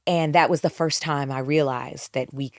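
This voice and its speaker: A woman's voice: deep voice, steady tone, normal speed, dry recording, studio quality. A middle-aged woman, a singer, candidly telling her story in a podcast interview, reflective and full of restarts. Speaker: guest singer.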